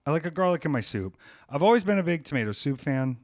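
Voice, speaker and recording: A man's voice: fairly high pitch, very animated, fast talker, no echo, clean studio sound. A man hosting a podcast, talking in a rambling, jokey, riffing way. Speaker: podcast host. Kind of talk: casual chat.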